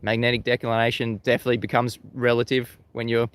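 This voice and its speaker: An Australian man talks through a casual live broadcast in an easy, conversational voice at a mid pitch. He laughs often and doubles back on his words as he goes. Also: little pitch movement, fast talker, fairly bright tone, smooth. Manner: chatty, laughs often, repeats words as he restarts. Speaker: livestream host. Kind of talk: casual live-stream talk, reading chat. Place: outdoors facing the sea at sunrise.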